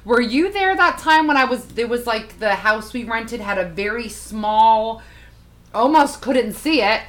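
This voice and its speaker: A woman's voice: fairly high pitch, lively intonation, a little slow, a bit bright. A woman co-hosting a podcast in casual chat, teasing her co-host and repeating words for emphasis.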